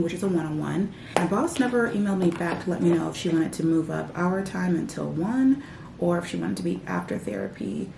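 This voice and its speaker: A woman's voice: fairly low pitch, vocal fry. Chatty young woman in an echoey room. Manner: chatty, animated, ranting. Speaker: vlogger. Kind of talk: casual vlog chat. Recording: echoey room, faint background noise.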